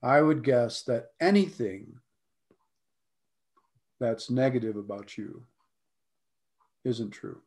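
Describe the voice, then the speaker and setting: An American man, a life coach, talking earnestly in a conversation, often clearing his throat and repeating his points. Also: mid-range voice, takes it slowly, long pauses, darkish tone.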